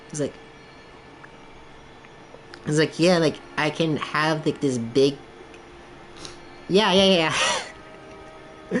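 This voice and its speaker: A man's voice: a little high, a bit bright, slight background noise. A young man streaming a game, chatting casually in a rambling, candid way, leaning heavily on the filler "like". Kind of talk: casual chat while gaming.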